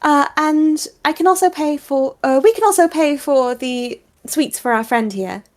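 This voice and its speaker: A woman voicing a polite, soft-spoken male companion who talks with small hesitations. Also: high-pitched, a little slow, voice pushed up.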